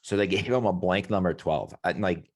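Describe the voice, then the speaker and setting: A man's voice: low voice, moderate pace. A man hosting a casual sports podcast, rambling loosely, swearing and correcting himself as he goes. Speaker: podcast host.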